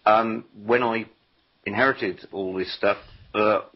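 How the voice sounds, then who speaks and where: Male radio guest, low husky voice, muffled lo-fi line, hesitant delivery. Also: steady tone, slow pace. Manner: hesitant, frequent ums. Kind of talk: casual interview talk. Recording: dull lo-fi internet radio.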